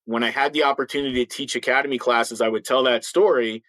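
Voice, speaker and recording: A man's voice: medium pitch, steady tone, fast talker, fairly bright tone, no room sound, poor audio. Blunt fifty-something man with a slight lisp. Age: 50s. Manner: blunt, emphatic, repeats words when starting sentences. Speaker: retired police officer, guest. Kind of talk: candid interview storytelling.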